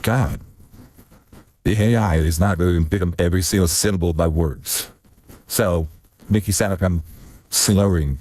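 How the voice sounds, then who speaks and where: A man's voice: low-pitched, moderate pace, pauses often, a little mellow, slightly rough, dry recording. A streamer testing his audio setup, rambling and muttering to himself and swearing under his breath. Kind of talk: casual self-talk while troubleshooting audio. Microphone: desk mic with noise gate.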